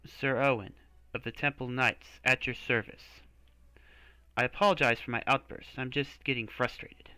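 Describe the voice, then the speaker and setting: A man's voice: medium pitch, steady tone, normal speed, bright, forceful tone, clean tone, no room sound, lightly acted, poor audio. A man voicing a frustrated, blunt male temple knight while reading game dialogue aloud. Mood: exasperated. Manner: exasperated, blunt.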